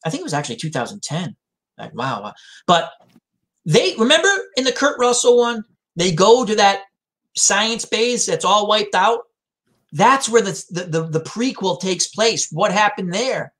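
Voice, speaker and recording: A man's voice: high-pitched, big pitch swings, normal speed, a bit bright. A man chatting casually, animatedly retelling movie scenes and acting out the lines. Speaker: co-host. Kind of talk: casual chat.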